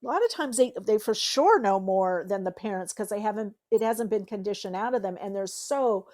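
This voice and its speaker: A woman hosting an interview, chatting casually with quick affirming interjections. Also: medium pitch, animated, darkish tone, dry recording. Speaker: host.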